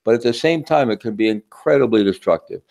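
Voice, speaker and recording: A man with a low, gravelly, dark voice delivers a teaching talk in a relaxed, conversational way. He keeps turning to the audience with a quick "right?" before moving on. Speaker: workshop speaker.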